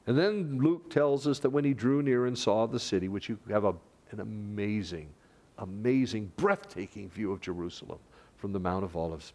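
A man preaching a sermon as a pastor, lively, rising loud for quoted lines and dropping to hushed tones. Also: lowish voice, normal speed.

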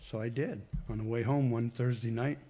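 Man, mid-pitched, loose conversational church testimony, self-correcting, tells it like a story. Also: steady tone, moderate pace, warm tone. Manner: rambling, conversational, corrects himself mid-sentence. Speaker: church member giving testimony. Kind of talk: personal testimony to a congregation.

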